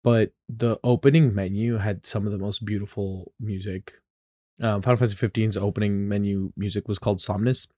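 A man co-hosts a podcast, talking quickly and with enthusiasm in a fairly low voice. The recording is close and dry, with no room sound. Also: steady tone, warm tone, dry recording. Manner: enthusiastic, rapid talker. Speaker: podcast co-host. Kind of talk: casual chat.

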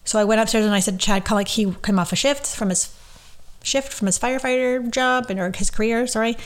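A woman's voice: on the high side, a little fast. A woman who works as a medium, hosting a casual solo podcast and talking in a gushing, rambling way full of fillers.

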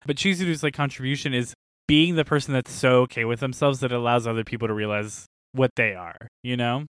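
Young guy on a podcast, laughs a lot telling stories, mid pitch, dry sound. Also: dry recording. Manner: animated storyteller, laughs often. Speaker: podcast co-host. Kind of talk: casual chat.

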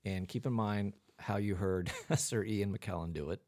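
A man's voice: on the low side, normal speed, a little mellow. A man hosting a comedy podcast in casual chat, laughing often and directing the others. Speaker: podcast host.

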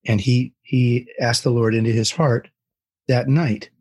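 An older man who is a guest on an interview, telling a story with animated, acted-out quotes. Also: medium pitch, a little slow, slightly rough.

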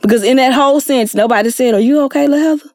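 A woman's voice: sits high, quick pace, a little mellow, no room sound, studio quality. A middle-aged woman, telling her personal story with earnest feeling and acting out the people she quotes. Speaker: guest sharing her story. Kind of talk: emotional personal testimony.

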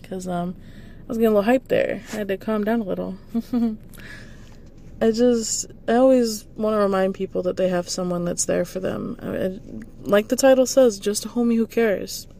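A woman talks on her own podcast in a loose, rambling way, turning goofy and playful as she hypes up her listeners. Her voice has a mellow, relaxed tone. She showers the audience with encouragement. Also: medium pitch, normal speed, gravelly, a little hiss or hum. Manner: affectionate, encouraging. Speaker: podcast host. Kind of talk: casual motivational monologue.

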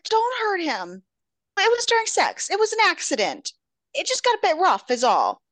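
A woman voicing a flustered young woman who pleads and rushes, in a casual book-club retelling. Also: very high-pitched, wildly swooping pitch, a bit bright, dry recording, voice pushed up, heavily acted. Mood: pleading.

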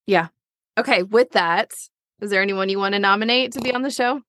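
Woman, podcast host, gravelly, dry room, brief replies. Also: mid-range voice, fairly quick, fairly bright tone, dry recording. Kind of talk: casual interview.

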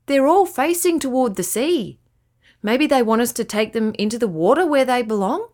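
A woman's voice: on the high side, animated, normal speed, a little mellow, natural voice. A woman voicing a cheerful, eager young boy. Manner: eager, suggesting.

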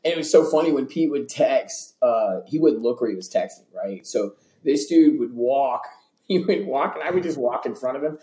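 A man telling road stories as an interview guest in a loose, excitable way, full of fillers and restarts. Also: medium pitch, roomy sound. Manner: animated, fast, lots of fillers and restarts, acts out voices. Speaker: interview guest, former tour hypeman. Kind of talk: casual storytelling.

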